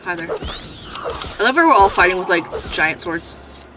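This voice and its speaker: Chatty woman with a lively, swingy voice. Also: lowish voice, a little slow, recorded from a distance, noisy background. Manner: chatty, swears freely, bursts into loud outrage. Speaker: gameplay commentator. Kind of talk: casual let's-play commentary.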